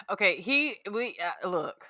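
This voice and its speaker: A woman with a bright, forceful voice chats as a podcast guest, recorded close and dry. She is blunt and animated, and she swears freely. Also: medium pitch, slow pace, no room sound. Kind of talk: casual chat.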